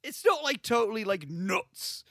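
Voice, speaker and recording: Young guy on a film podcast, high bouncy voice, laughs a lot, dry close mic. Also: unhurried, no echo. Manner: animated, laughs often, acts out scenes in funny voices. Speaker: podcast co-host. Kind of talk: casual film chat.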